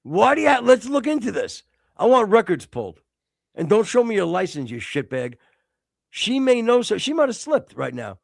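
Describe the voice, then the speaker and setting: A man's voice: high voice, sing-song, moderate pace, creaky, dry recording, studio quality. A man in his fifties, co-hosting a podcast with crude, teasing banter and heavy swearing. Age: 50s. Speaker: podcast co-host.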